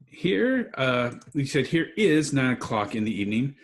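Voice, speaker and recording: An American man leads an online English lesson over a video call. He corrects mistakes gently and praises often. His voice sits at an ordinary middle pitch. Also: very animated, moderate pace. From United States. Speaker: English tutor.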